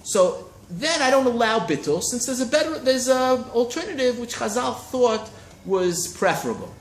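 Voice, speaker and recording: A man teaching a Talmud class in a study hall, lively and constantly checking in with his listeners. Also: extremely high pitch, moderate pace. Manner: animated, keeps checking in with listeners. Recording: roomy echo, faint hiss.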